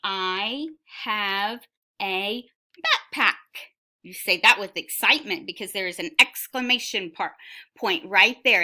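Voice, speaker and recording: A woman's voice: medium pitch, sharp tone. A woman teacher reading a sight word book aloud to young children, word by word, with encouraging prompts.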